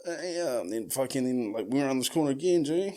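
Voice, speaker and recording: A man with a New Zealand accent telling a story casually as a podcast host, full of slang and swearing, who acts out the quoted lines loudly. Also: medium pitch, animated, quick pace.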